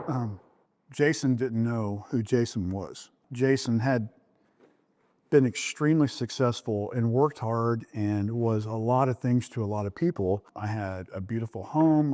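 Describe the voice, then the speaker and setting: His tone on the darker side, the middle-aged groom shares the story of meeting his wife in a recorded interview about their relationship. He's frank throughout and rises in pitch when acting out earlier dialogue.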